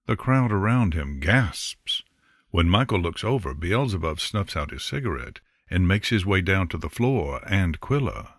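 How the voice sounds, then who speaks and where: A man narrating a fantasy novel in an unhurried, expressive storytelling manner. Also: sits low, dry recording, studio quality. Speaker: audiobook narrator. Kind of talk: scripted narration.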